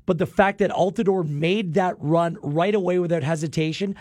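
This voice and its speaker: A male sports show host with a fairly high voice breaks down the match in a lively, upbeat way. The sound is dry and close, with no room around it. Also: normal speed, no echo. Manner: enthusiastic, upbeat. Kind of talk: studio sports analysis chat.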